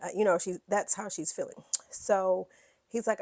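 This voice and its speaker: A woman's voice: medium pitch, fairly even intonation, normal speed, a little mellow. A woman hosting a reality TV recap, talking bluntly and with plenty of profanity. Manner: acts out quoted lines in put-on voices. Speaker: podcast host.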